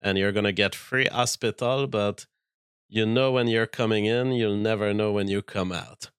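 A man in the middle of a stream who talks over clips and reads viewer comments aloud. He argues his views bluntly. His voice is smooth and resonant, and the sound is close and dry with no room behind it. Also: fairly low pitch, steady tone, moderate pace, a bit bright, no echo. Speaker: streamer reacting to clips and reading chat. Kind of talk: opinionated commentary.

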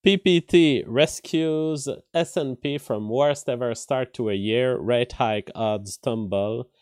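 A man's voice: mid-range voice, takes it slowly, a little mellow, clear, resonant tone, no room sound, studio quality. A man hosting a live stream of casual news commentary. He thinks aloud with restarts and filler words, and reads headlines before commenting on them.

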